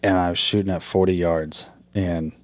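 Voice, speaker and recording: A man with a deep voice talks casually on a podcast. He shares his stories in an earnest, open and relaxed way. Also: normal speed. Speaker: podcast co-host. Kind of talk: casual chat.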